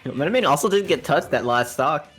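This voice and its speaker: A man giving casual color commentary on a fighting-game match, explaining plays in a relaxed way and laughing easily. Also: on the high side, fairly quick, husky, soft background music. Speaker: esports co-commentator.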